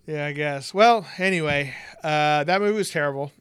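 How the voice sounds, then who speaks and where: Young guy hosting a podcast, smooth voice, a bit high, laughs a lot, chill. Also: normal speed, a bit bright, no echo, studio quality. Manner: laid-back, laughs often, jokey. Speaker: podcast co-host. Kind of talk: casual chat.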